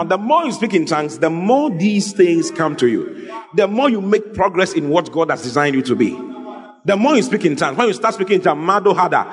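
A man preaching an animated, lively sermon as a pastor, joking with his congregation. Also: a little high. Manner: animated, exclaiming, jokes with the congregation. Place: church hall. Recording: long hall reverb, faint music.

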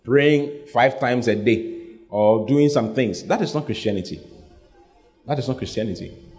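A man's voice: medium pitch, unhurried, darkish tone. A man preaching a sermon, speaking emphatically, repeating his lines and having the congregation say them back. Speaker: pastor.

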